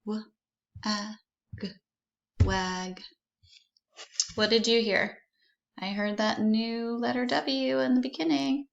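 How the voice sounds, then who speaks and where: A woman teaching a phonics lesson to young children, slowly sounding out words letter by letter and encouraging them to repeat. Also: fairly high pitch, fairly even intonation, creaky, muffled recording.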